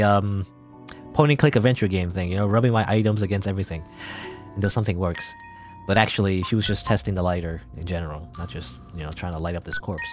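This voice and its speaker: A man with a fairly low voice comments casually on his game, rambling and laughing under his breath. Game music plays clearly behind him. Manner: rambling, chuckling, thinks out loud. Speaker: let's play gamer.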